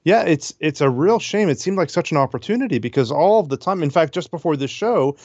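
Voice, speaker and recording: A man's voice: on the high side, lively intonation, a little fast, darkish tone, no echo. Male tech guest, sarcastic and easygoing, dry and dull-sounding remote audio. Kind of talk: casual interview.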